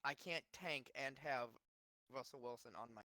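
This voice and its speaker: A man's voice: medium pitch, moderate pace, pushed and bright, rough recording. A man acting as league commissioner, rambling through casual fantasy football chat with many restarts.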